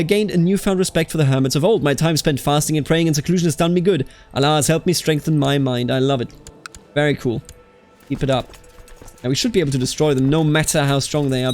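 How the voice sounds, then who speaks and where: A man hosting a strategy game let's play, chatting casually with exasperated outbursts and reading game events aloud. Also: a little high. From Bavaria. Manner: animated, exasperated outbursts, calls people dude.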